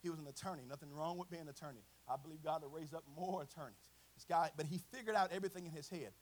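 A man preaching a sermon, swinging from a quiet storytelling voice to chanted, shouted climaxes. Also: a little high, rapid-fire. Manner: chanting, shouted climaxes with congregational call and response; drops to a quiet conversational storytelling voice.

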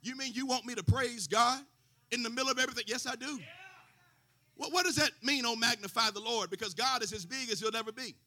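Male pastor preaching hard, really high voice, sharp and bright, gets shouty. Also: brisk. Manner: impassioned, builds to shouting, calls to the congregation. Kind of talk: sermon.

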